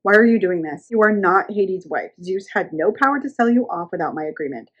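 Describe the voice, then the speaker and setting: A woman's voice: mid-range voice, expressive, fairly quick, a bit bright, muffled recording. A woman reading aloud the lines of a cold, domineering mother goddess who talks down to her daughter. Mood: scornful. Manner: scornful, belittling.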